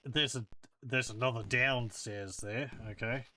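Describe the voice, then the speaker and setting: A man talks slowly through a retro game session, musing aloud as he explores and reads combat results off the screen. His voice is bright and forward, with unhurried pacing. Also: mid-range voice, steady tone, slight background noise. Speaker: let's play host. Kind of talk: casual gameplay commentary.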